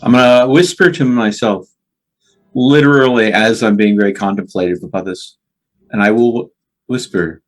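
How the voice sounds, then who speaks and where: Thoughtful low-voiced man playing a role-playing game. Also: faint music behind. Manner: contemplative, measured, thinking aloud. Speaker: tabletop game player. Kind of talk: describing his character's actions.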